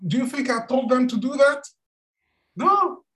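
A man voicing a calm, kind spiritual teacher who speaks gently and soothingly. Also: fairly high pitch, takes it slowly, pitched above the performer's own voice.

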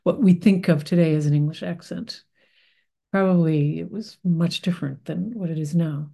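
A woman's voice: fairly low pitch, steady tone, normal speed, gravelly, warm tone, breathy edge. An American woman, middle-aged, giving a reflective spiritual talk in a thoughtful, meandering way with many fillers and restarts. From United States.

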